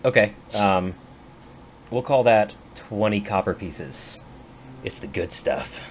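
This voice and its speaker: A man running a tabletop game as game master, narrating in a relaxed, hesitant way. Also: on the low side, slow, a little hiss or hum. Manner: relaxed, hesitant, many fillers.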